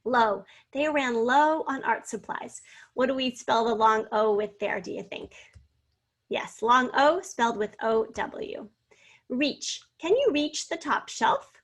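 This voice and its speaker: A woman teaching a spelling lesson, sounding out words slowly and clearly and reading out example sentences. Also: a little high.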